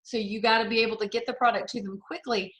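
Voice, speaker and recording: This middle-aged woman speaks over a video call from an echoey room, her voice sitting a little high. She tells warm, enthusiastic stories as part of a motivational sales talk. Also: fairly even intonation, fast. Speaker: sales director.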